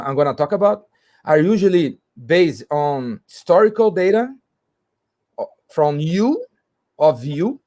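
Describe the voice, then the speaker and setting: A man explains a business topic, stopping and restarting his phrases often. His voice sits a little high for a man. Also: a little mellow. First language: Portuguese. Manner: halting, with frequent restarts and fillers. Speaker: guest speaker. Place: video call.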